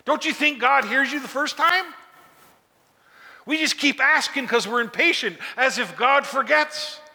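A man's voice: very high-pitched, measured pace, vocal fry, sharp tone. A man preaching a sermon, urging his listeners on with emphatic, repeated calls. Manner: emphatic, repetitive exhortation. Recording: long hall reverb.

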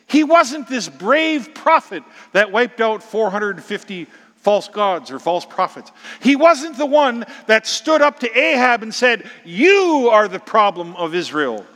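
A middle-aged man preaches with dramatic force, sinking into hushed whispers and then climbing to loud exclamations. His voice sits high and sounds bright and forceful. It carries a long reverb, as if he were recorded in a large hall. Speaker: pastor. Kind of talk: sermon.

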